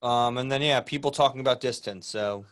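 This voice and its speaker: A man's voice: mid-range voice, a little fast, fairly bright tone. Easygoing rambling man hosting a podcast. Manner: easygoing, rambling, repeats words. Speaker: podcast host. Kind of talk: casual chat.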